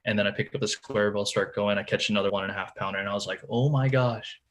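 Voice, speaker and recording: Talking fast in a fairly low, fairly even voice, a podcast guest recounts a tournament fishing story casually. His telling is peppered with "like" and "dude," and he keeps restarting sentences and repeating words.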